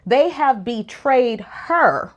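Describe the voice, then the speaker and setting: A woman co-hosting a relationship podcast, talking in a lively, opinionated way, her voice jumping up high when she is incredulous. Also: extremely slow. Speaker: podcast co-host. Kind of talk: casual opinion chat.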